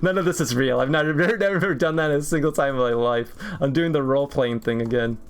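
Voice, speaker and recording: A man's voice: mid-range voice, fast, smooth. A man in his twenties, a streamer chatting casually while he draws, rambling through jokey tangents and laughing often. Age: 20s. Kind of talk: casual chat while drawing.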